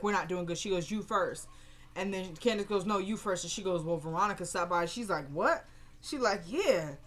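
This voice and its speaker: A young woman giving a casual, opinionated recap of a TV episode, acting out the characters' lines in quick quoted bits. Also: medium pitch. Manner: animated, retells scenes in quoted voices, opinionated. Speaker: show recapper.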